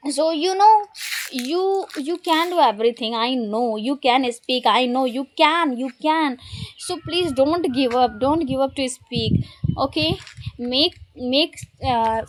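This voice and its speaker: Slow, high-voiced woman vlogging. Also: rough recording. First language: Hindi. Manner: hesitant, repeats words, encouraging. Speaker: vlogger teaching English. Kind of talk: casual motivational vlog. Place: outdoors in a village.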